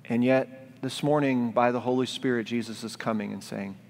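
Gentle pastor with hall reverb. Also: male voice, mid-range voice, fairly even intonation, moderate pace, vocal fry. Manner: gentle, reflective, pleading. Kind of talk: sermon. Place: church sanctuary, live-streamed. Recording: long church-hall reverb.

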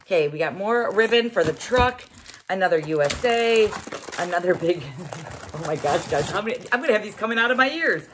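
A woman's voice: medium pitch, lively intonation, brisk, background noise. A middle-aged woman hosting a casual unboxing vlog, chatty and exclaiming as she thinks aloud. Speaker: host.

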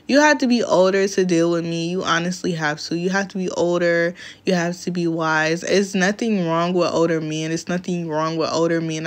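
Blunt, laughing young woman vlogger. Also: fairly low pitch. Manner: blunt, profane, animated storytelling with frequent laughs. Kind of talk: casual storytime chat to camera.

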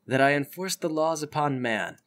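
A man's voice: fairly high pitch, lively intonation, moderate pace, fairly bright tone. A man voicing a grandiose artificial man who speaks in a lofty, formal way in a tabletop game. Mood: solemn. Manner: solemn, formal speech.

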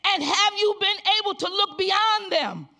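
High-pitched woman preaching in call and response. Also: lively intonation, pushed and bright. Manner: drops to a low, quick, intimate voice. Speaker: pastor. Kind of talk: sermon.

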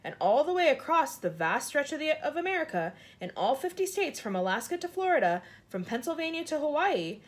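A woman reading a children's storybook aloud, jumping her pitch up high for the characters' lines. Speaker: reader of a children's book.

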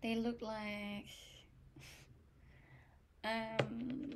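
A woman's voice: medium pitch, measured pace, creaky, very noisy. A young woman streamer from Denmark chatting casually and answering viewers' questions aloud. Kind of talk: casual chat reading viewer comments.

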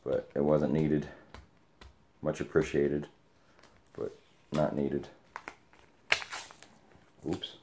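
A man opening sports card mail on camera, chatting excitedly to the friend who sent it. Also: extremely low pitch, very slow, pauses often, a little hiss or hum. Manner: excited, talks to the sender directly. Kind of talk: casual unboxing vlog.

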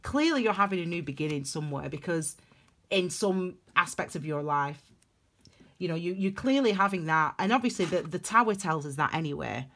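A young woman giving a casual tarot reading to camera, emphatic and animated, repeating phrases for stress. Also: fairly low pitch, a little fast. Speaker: tarot reader.

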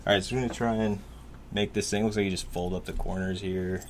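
A man's voice: deep voice, fairly even intonation, fast. A man chatting casually and cracking sarcastic jokes while reviewing food rations on camera. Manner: wisecracking, sarcastic. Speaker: video reviewer. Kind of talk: casual joking chat. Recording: faint background noise.

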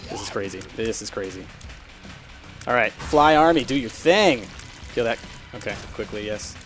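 A man giving live commentary over his own gameplay, chatty and prone to swearing, shifting from hushed focus to loud frustration. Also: fairly low pitch, expressive, moderate pace, soft background music.

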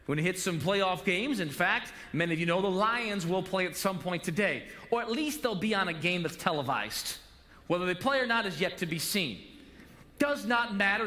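Animated pastor preaching in a reverberant hall. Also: male voice, high voice. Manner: animated, acts out coach-and-player dialogue. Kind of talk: sermon. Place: church sanctuary.

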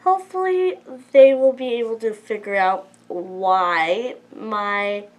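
A woman's voice: mid-range voice, slow, a little hiss or hum, rough recording. A woman of twenty, emotional and close to tears, talking hesitantly and apologetically at home in a personal confessional vlog. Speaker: vlogger.

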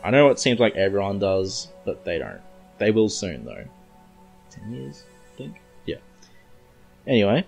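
An Australian man with a low voice recaps a comic book for his podcast. He rambles casually and drops in joking asides, with faint music underneath. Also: very animated, measured pace, gravelly, long pauses, darkish tone. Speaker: podcast host.

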